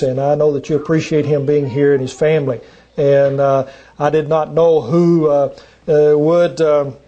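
A man preaching a sermon from the pulpit as a visiting gospel preacher, deliberate and emphatic, with frequent hesitant pauses. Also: a little high, a little mellow. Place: church.

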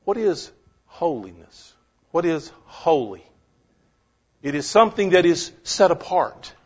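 Slow, emphatic preacher man. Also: on the high side, sing-song, a little mellow. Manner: emphatic, repeats words for stress, asks the listeners questions. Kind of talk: sermon. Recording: dull lo-fi recording.

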